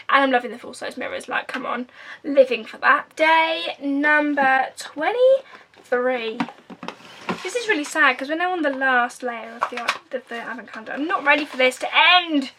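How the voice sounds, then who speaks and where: A woman's voice: high voice, bright, forceful tone. A young woman with an Essex accent, casually reviewing makeup in a gushing, chatty way that sometimes drops to a whisper. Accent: Essex English. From England. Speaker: beauty vlogger.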